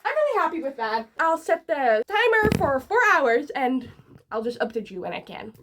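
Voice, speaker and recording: A woman's voice: high voice, very animated, moderate pace, noisy background. A young woman chatting casually in a reading vlog, talking to the camera with lots of "like" fillers. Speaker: book vlogger.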